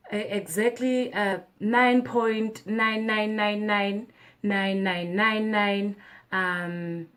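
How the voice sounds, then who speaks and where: A woman vlogging about spirituality in a casual explanatory way, full of "um" fillers and "right?" tag questions. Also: medium pitch. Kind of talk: casual explanatory talk to camera.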